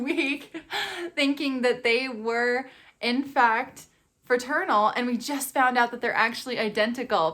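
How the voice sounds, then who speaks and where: Chatty, expressive young woman vlogger. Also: fairly high pitch. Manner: chatty and expressive, laughing often. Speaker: vlogger and mother of twins. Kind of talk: casual vlog storytelling.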